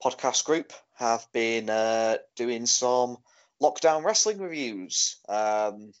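A man's voice: mid-range voice, slow pace. A man co-hosting a podcast in casual chat, rambling with lots of "sort of, like" fillers. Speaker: podcast co-host. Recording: dull lo-fi podcast audio.

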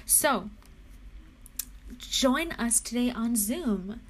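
A young woman talking to her viewers at an unhurried pace while she clicks around her computer. Her voice sits a little high, and she sounds anxious and jittery, swearing freely and slipping in nervous laughs. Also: lively intonation, a little hiss or hum. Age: young adult. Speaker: vlogger. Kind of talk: casual chat while browsing a computer.

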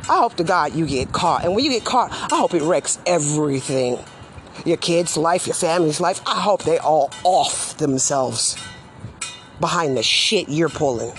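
An indignant woman in a heated, profane monologue. Her pitch swings widely as she vents. A loud hum of passing vehicles runs under her voice. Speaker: mother venting about social services. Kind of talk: angry monologue rant.

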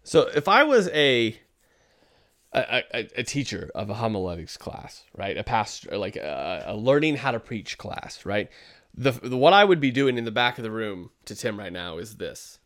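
A man's voice: on the low side, sing-song, moderate pace, a bit bright. Conversational man reviewing a sermon. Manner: conversational, critical, frequent fillers. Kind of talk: video commentary.

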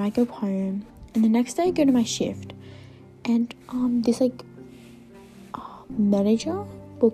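A woman's voice: fairly high pitch, creaky, warm tone. A young woman hosting her own podcast, telling a story in a rambling, casual way full of fillers, sometimes dropping to a whisper. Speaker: podcast host.

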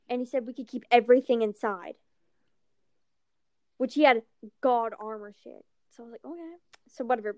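A woman's voice: a little high, no echo, clean studio sound. A young woman telling stories in casual chat, acting out the people she quotes and swearing freely. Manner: animated, acts out quotes, swears.

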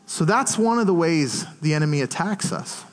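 A middle-aged man preaching a sermon as pastor, telling stories in an animated way and acting out the quotes. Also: fairly high pitch, moderate pace, long reverb tail. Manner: animated storytelling with acted-out quotes. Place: church.

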